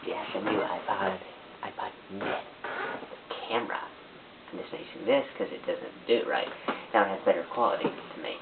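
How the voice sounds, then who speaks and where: A woman chatters to a webcam propped on a glass in her messy bedroom, jumping from one random thought to the next and cursing freely. The sound is thin and phone-like, with a steady hiss and an echoey room around her. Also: a bass voice, normal speed, gravelly. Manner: distracted, random, swears a lot. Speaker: first-time vlogger. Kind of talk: rambling casual webcam talk. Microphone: camera propped on a glass on a fan. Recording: tinny, noisy, echoey home webcam.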